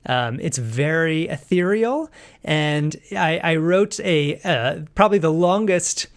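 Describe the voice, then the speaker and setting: A man's voice: on the high side, animated, slow. A man talking about his own piano music in a casual podcast conversation, rambling with many fillers and restarts. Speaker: composer discussing his piano work.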